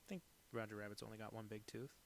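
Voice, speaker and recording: This cartoonist talks fast in a fairly low, steady voice, with a little background noise behind him. Drawing requests from viewers during a live stream, he rambles through digressions full of filler words and keeps making self-deprecating jokes.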